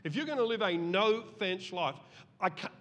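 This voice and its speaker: A middle-aged man preaching a sermon as pastor, animated and acting out voices in the story. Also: high-pitched, normal speed. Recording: long reverb of a large hall.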